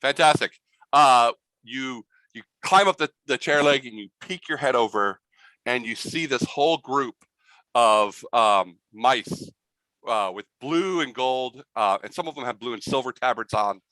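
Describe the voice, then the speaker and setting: A man's voice: mid-range voice, unhurried, sharp tone, dry recording, low-quality recording. A man narrating a tabletop game as game master, rambling and full of fillers.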